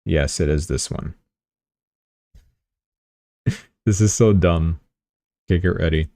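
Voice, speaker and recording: A man's voice: low voice, slow, mellow, dry recording, clean studio sound. A man hosting a live show with casual news commentary, chatty and rambling, with joking asides. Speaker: livestream host.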